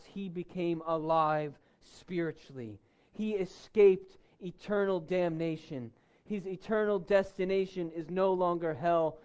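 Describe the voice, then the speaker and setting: A man preaching a sermon, driving points home with loud, stressed words and dropping to soft, low asides. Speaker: pastor.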